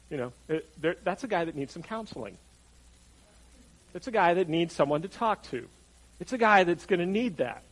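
A man's voice: medium pitch, poor audio. A man preaching a sermon in a conversational way, repeating his phrases for emphasis. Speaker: pastor.

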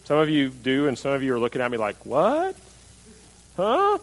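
A man's voice: medium pitch, steady tone, very fast, low-quality recording. Man, pastor, sermon, conversational, rhetorical questions, mock voices for quoted attitudes. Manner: conversational preaching, asks the congregation questions.

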